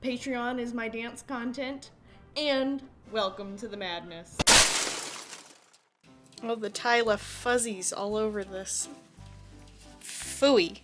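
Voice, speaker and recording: Brief: young woman, bright-voiced cosplay vlogger, chatty and self-deprecating, faint music underneath. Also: a little high, slow, pauses often. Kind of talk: casual tutorial narration.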